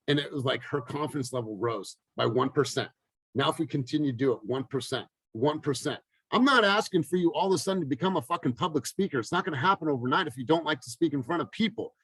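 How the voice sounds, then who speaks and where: A man coaching his team in a motivational talk, energetic and emphatic, repeating phrases for effect. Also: medium pitch, slightly rough, no echo, low-quality recording. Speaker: real estate team coach.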